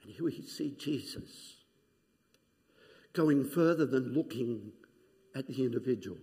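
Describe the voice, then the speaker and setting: A man preaching a sermon, retelling scenes dramatically and dropping to hushed, near-whispered quotes. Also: mid-range voice, lively intonation, unhurried. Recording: long hall reverb.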